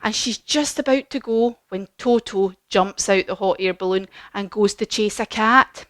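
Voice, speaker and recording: A woman leads a children's yoga class by telling a story. She speaks in an encouraging, sing-song way at a mid pitch, and the sound is dry and close. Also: moderate pace, fairly bright tone, no echo. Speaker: kids yoga teacher.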